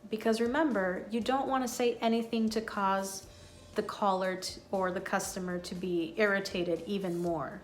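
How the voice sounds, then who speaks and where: A woman teaching English in a calm, clear, unhurried way, carefully modelling phrases for her learners. Her voice sits at a middle pitch. Faint music plays behind her. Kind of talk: online English lesson.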